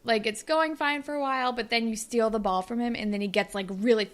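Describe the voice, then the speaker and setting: A woman's voice: on the high side, steady tone, fairly quick. A young woman co-hosting a podcast, chatting casually and rambling through an improvised story with lots of fillers. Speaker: podcast co-host. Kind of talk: casual chat.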